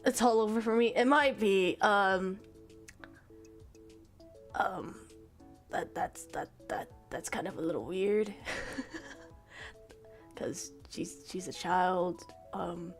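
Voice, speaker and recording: A young adult woman streamer casually retelling a story in a rambling, animated way, full of fillers and restarts. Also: medium pitch, slow pace, pauses often, soft background music. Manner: rambling and animated, acting out characters' lines. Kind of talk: casual stream chat, retelling a manga plot.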